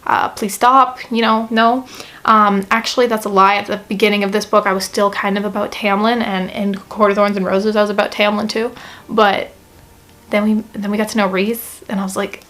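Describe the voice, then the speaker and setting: A woman's voice: mid-range voice, little pitch movement, a little fast, fairly bright tone. A young woman talking casually to the camera as she reviews a book, chatty and gushing, with lots of fillers and playful mock-quotes.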